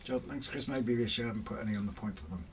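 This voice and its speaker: A middle-aged man hosts a casual live stream, reading viewer comments aloud with teasing jokes and frequent laughter. He speaks rapid-fire at medium pitch, picked up by a distant mic with faint ambient noise.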